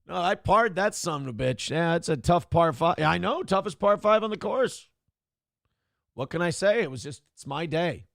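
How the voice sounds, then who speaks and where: A man putting on a high-voiced bragging golfer. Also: animated, moderate pace, gravelly, a bit bright, dry recording, studio quality. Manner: bragging, defensive. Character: boastful male golfer insisting he parred.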